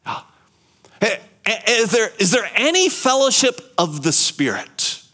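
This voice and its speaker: A male pastor preaching a sermon in an animated way, asking rhetorical questions and repeating key phrases. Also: high voice, a little slow.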